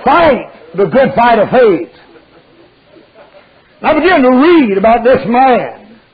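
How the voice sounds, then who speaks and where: An older man preaching a fiery sermon, drawling through stories and breaking into shouts. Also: very high-pitched, sing-song, slow, husky, a faint crowd. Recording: dull lo-fi recording.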